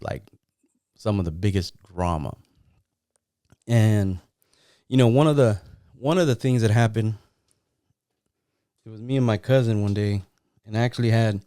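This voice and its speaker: This middle-aged podcast host from San Jose, California tells rambling, profane, streetwise stories in a laid-back way. His voice sits on the low side, dark, clear and resonant, recorded with studio quality and no echo.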